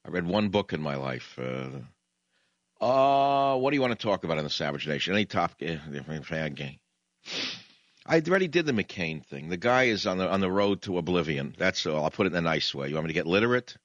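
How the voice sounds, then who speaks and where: A male radio host rambles through a combative, sardonic monologue. His voice sits low but moves with lively swings of pitch. The tone is bright and sharp, and the sound is close and dry. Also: fairly quick, no echo, dull audio. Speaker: radio talk show host.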